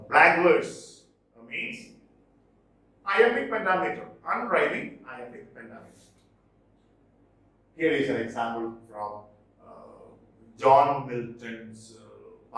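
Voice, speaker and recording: A man teaching a literature lesson, repeating key terms slowly and stressing what matters for exams. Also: mid-range voice, sharp tone. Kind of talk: classroom lecture. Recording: echoey room, voice far from mic.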